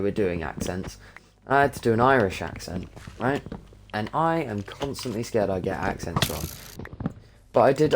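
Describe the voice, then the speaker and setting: A young man chatting and thinking aloud as he streams a game, rambling casually between tasks. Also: lowish voice. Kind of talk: casual gameplay commentary. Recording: noisy with keyboard clicks. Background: keyboard typing.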